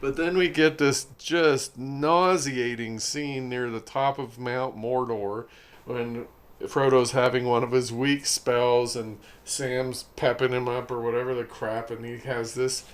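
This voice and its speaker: Male podcast co-host, mid-pitched, blunt and scoffing in casual film talk. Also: fairly even intonation, a little slow. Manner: blunt, dismissive, mocking.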